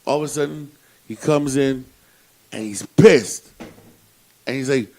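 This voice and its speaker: A man's voice: medium pitch, a little slow, dark tone, low-quality recording. A man co-hosting a podcast, telling a prank story in casual chat, swearing and laughing as he talks. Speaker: podcast co-host.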